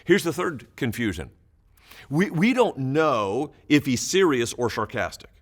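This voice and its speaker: A man's voice: medium pitch, very animated, unhurried. A man pastor giving Bible teaching for small groups, explaining emphatically with occasional chuckles.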